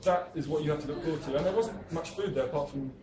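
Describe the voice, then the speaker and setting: A man's voice: on the high side, fast talker. English guy reading his book in a busy cafe, sounds far off and roomy. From England. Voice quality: self-deprecating, rambling. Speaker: author. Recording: echoey cafe, distant mic, crowd.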